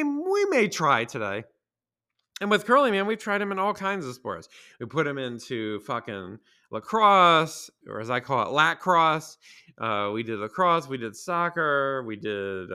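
A man's voice: mid-range voice, bright, forceful tone, smooth. A man hosting a casual solo podcast, rambling and sarcastic, swearing freely. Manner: profane, rambling and sarcastic, with mocking put-on voices. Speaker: podcast host.

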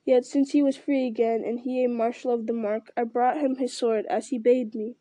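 A woman's voice: a little high, fairly even intonation, moderate pace, mellow, no room sound, close to an everyday voice. A woman voicing a nervous male servant in a storybook reading, sounding apologetic.

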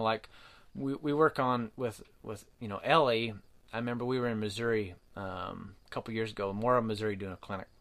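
A man's voice: mid-range voice, fairly bright tone. A man who runs mule riding clinics, talking casually to viewers in a rambling, folksy way with many fillers and restarts. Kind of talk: casual livestream talk to viewers.

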